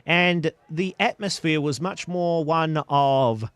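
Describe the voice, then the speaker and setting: Easygoing New co-host, dry sound. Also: male voice, on the high side, takes it slowly, fairly bright tone, clear, resonant tone, no room sound. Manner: easygoing, laughs along. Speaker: radio co-host. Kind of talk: casual news chat.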